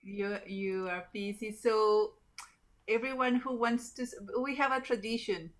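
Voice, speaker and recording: A woman's voice: mid-range voice, fairly even intonation, a little slow. Woman moderating a call. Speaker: class moderator. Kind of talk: casual thanks and farewell.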